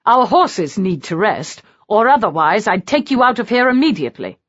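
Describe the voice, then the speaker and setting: A woman's voice: mid-range voice, sing-song, moderate pace, dry recording, pitched above the performer's own voice. A pugnacious eldest brother, voiced by a woman narrator, blusters and issues threats. The recording is dry and slightly dull, in the manner of an audiobook. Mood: blustering.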